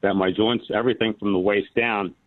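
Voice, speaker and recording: A man's voice: fairly low pitch, steady tone, a little fast, no echo. A man in his sixties calling in to a radio talk show, telling a long, rambling story with many restarts. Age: 60s. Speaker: caller. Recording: phone line.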